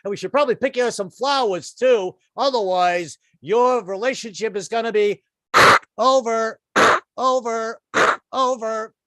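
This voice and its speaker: A man's voice: very high-pitched, a little slow, sharp tone, dry recording, voice pushed up, exaggerated voice. A man voicing a teasing police officer, ribbing a stranded husband. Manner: teasing, laughing. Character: mocking wisecracking cop.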